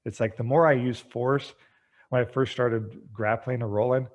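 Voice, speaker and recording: A man speaking as a podcast guest, an energetic storyteller who acts out bits of dialogue. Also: medium pitch, normal speed. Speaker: guest, treatment center founder. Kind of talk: podcast interview.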